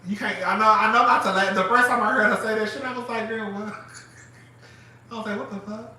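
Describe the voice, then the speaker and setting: High, bright-voiced dramatic man. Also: a little fast. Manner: animated, dramatic, laughs often, calls listeners girl. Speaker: live-stream host. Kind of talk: casual gossip chat. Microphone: phone. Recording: very echoey room, mic far off, faint noise.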